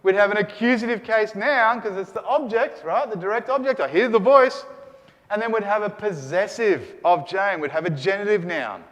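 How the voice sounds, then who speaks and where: Male lecturer, high and very expressive, lecture-hall reverb. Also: brisk, few pauses. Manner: animated, checks in with the class often. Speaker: Greek language teacher. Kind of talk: classroom lecture.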